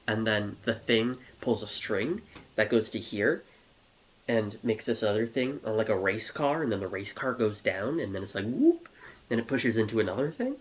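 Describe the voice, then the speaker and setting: A man's voice: lowish voice, expressive, normal speed, husky. A man telling a rambling, comedic story in a scatterbrained way, with giggles and many restarts.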